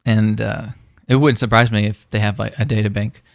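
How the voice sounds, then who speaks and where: Man podcast co-host, gravelly, flat delivery, rambling with fillers, dry sound. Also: fairly low pitch, normal speed, dry recording. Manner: rambling, many fillers and restarts. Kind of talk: casual chat.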